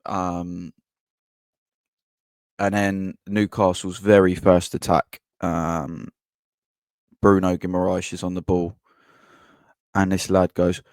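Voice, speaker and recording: A man hosting a football podcast, telling a story in a blunt, casual way, swearing and pausing with ums. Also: low voice, level tone, a little mellow, no echo, clean studio sound. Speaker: podcast host. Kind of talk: casual match-reaction monologue.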